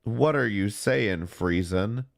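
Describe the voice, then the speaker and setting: Slow, sarcastic male commentator. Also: lowish voice, vocal fry. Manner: sarcastic and deadpan. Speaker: commentary channel host. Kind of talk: casual mocking commentary.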